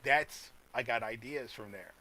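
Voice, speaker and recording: American guy on a podcast, bright voice, rambling and laughing a lot. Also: mid-range voice, unhurried, low-quality recording. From United States. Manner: rambling, laughs often, animated asides. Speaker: podcast co-host. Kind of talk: casual chat.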